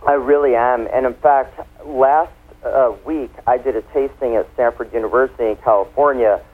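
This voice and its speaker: A chatty man talks wine with easy, playful explanations, his voice sitting in a middling pitch. He comes through a thin, tinny phone line. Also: steady tone, normal speed. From United States. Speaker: wine expert guest. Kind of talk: casual radio interview.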